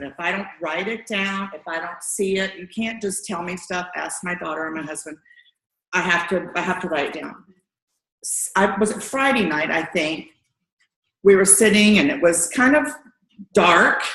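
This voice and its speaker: A middle-aged woman giving an earnest testimonial at a training meeting, telling her story lively and acting out quotes. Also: lowish voice. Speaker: distributor sharing a story. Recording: echoey room.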